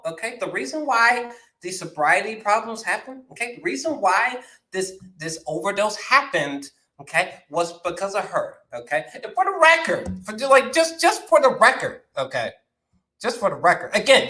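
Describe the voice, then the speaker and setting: A man giving a casual, excitable film review, laughing a lot, swearing and repeating himself in slangy talk. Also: high voice, normal speed.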